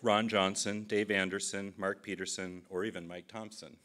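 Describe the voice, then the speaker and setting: Middle-aged guy from minnesota, lowish voice, dry funny stories at a keynote. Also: level tone, normal speed, fairly bright tone. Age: 50s. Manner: dry storytelling with self-deprecating asides. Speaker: political cartoonist giving a keynote speech. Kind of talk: humorous keynote speech.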